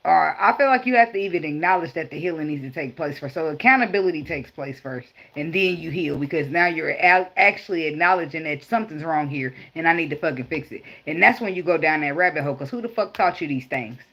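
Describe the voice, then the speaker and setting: Low-voiced and quick, she barely pauses, and the sound is lo-fi. The tarot reader swears freely and speaks bluntly about parenting during a relaxed reading, laughing as she tells lively stories in this casual spiritual vlog.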